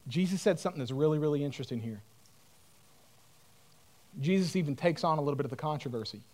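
A man's voice: fairly high pitch, expressive, fast, long pauses, darkish tone. A man preaching a sermon as pastor, earnest and emphatic, in casual everyday speech.

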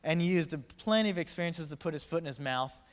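A man's voice: fairly high pitch, fast talker. A man preaching a casual, joking sermon, acting out the quotes in voices. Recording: reverberant hall.

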